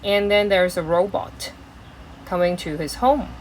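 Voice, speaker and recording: A woman's voice: on the low side, measured pace, darkish tone, slight background noise, low-quality recording. A woman teaching an exam-prep English lesson, explaining step by step with many fillers and restarts.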